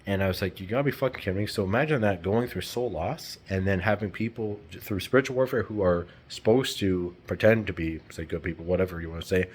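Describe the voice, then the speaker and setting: A man's voice: low voice, a little hiss or hum. A man talking in a rambling, heated, profane unscripted monologue.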